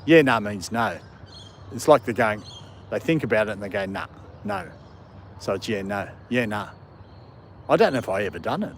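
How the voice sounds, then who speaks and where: A man's voice: lowish voice, animated, a little fast, long pauses, slight background noise. A man with an Australian British accent hosting a casual live stream from an outdoor park on his phone, rambling and chuckling as he chats with viewers and his dogs.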